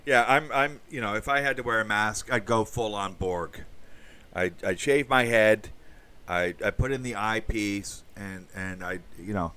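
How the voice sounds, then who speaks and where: A man's voice: lowish voice, measured pace, sharp tone, clear, resonant tone, far from the mic. A man hosting a casual livestream, chatting with viewers in a rambling way and swearing now and then. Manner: rambling, with asides and crude swearing. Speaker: podcast host reading live chat.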